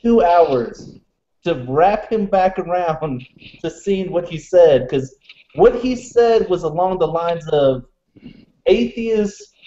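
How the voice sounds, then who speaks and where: Animated, swearing man in an echoey room. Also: on the high side. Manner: profane, animated storyteller with many fillers. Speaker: podcast co-host. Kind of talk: casual chat. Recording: dull lo-fi audio in an echoey room.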